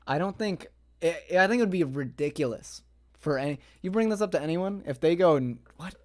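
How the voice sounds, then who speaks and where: A man streaming a game live, chatting to his viewers, swearing often and breaking into sudden loud outbursts. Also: a little high, animated, brisk. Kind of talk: live gameplay stream chat.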